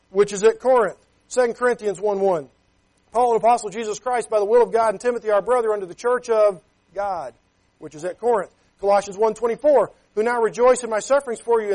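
A man's voice: high voice, a little mellow. A man preaching a sermon as a pastor. He talks emphatically, keeps checking with "Okay?", and reads scripture in King James wording.

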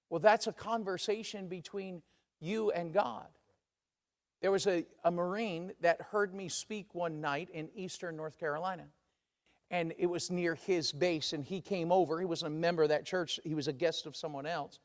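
High-voiced preacher in a reverberant church. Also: male voice, steady tone, normal speed. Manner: conversational, acts out quoted voices. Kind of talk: sermon. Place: church sanctuary. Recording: long reverb of a large church.

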